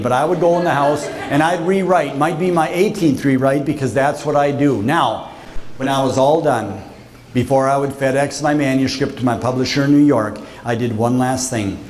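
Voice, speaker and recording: A man telling stories to a school assembly, theatrical and calling out to the students again and again. His voice sits at an ordinary middle pitch. A faint hum of the auditorium runs behind him. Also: normal speed, a little mellow. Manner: theatrical, addresses students directly. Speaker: visiting author speaking at a school. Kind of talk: storytelling talk to a school assembly.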